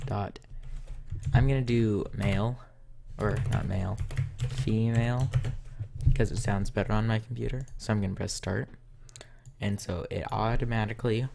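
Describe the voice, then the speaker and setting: A man's voice: lowish voice, gravelly, background noise. A man hosting a casual coding tutorial, talking step by step while he types. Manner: talks step by step while typing. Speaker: tutorial host.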